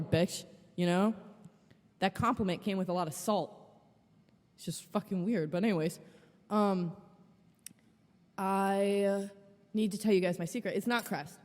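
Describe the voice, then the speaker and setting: Woman, podcast host, casual solo storytelling, profane, rambling, frank, middle pitch, long reverb. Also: unhurried, long pauses.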